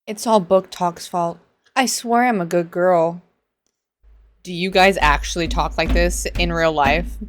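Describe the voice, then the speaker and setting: A woman's voice: fairly low pitch, a little slow, slight background noise. A woman giving reaction commentary, sarcastic and ranting as she picks apart what she has watched.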